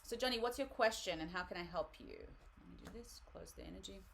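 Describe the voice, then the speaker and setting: A woman's voice: medium pitch, fairly quick, creaky, background noise. A woman hosting a live tarot reading, talking casually and rambling with frequent laughs. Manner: chatty, rambling, laughs often.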